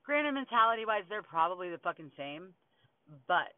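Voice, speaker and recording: A woman's voice: fairly low pitch, very animated, moderate pace, no echo. A woman vents in a raw podcast monologue, swearing hard and ranting with heat. The sound is thin and phone-like, as if recorded over a tinny line. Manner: angry, heavy swearing, ranting. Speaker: podcast host. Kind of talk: venting monologue.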